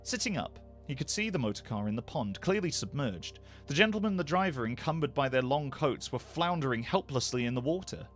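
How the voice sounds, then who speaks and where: A male voice actor reading a bedtime story aloud, expressive and animated. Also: medium pitch, a little fast, hardly any pauses, soft background music. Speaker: voice actor, narrator.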